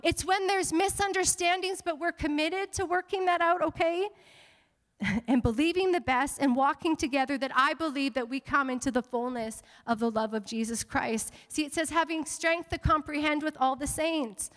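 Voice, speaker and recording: A woman pastor preaching a sermon to a congregation, animated and playful, with teasing asides. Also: high-pitched, normal speed, in a large hall. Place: church sanctuary.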